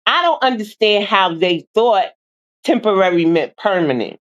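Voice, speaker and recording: A woman's voice: medium pitch, animated, moderate pace. Blunt woman host, muffled lo-fi audio. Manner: blunt, exasperated, addresses viewers as y'all. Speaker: online show host. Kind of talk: casual livestream commentary.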